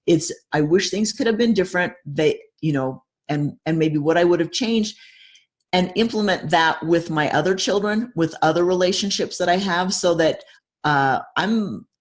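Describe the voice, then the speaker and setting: A middle-aged woman speaking as an interview guest, reflective and measured, often restarting her sentences. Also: on the low side. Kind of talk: personal interview conversation.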